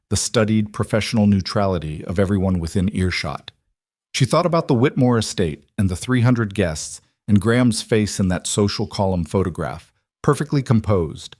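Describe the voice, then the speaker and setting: A man giving steady, unhurried scripted narration of a romance story. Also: lowish voice, no room sound, studio quality.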